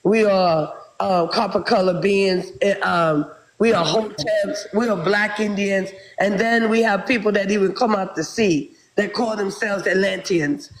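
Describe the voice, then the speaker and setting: A woman from South Texas speaking as a guest in a live online debate, halting at first and then steady and insistent. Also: mid-range voice, rough recording.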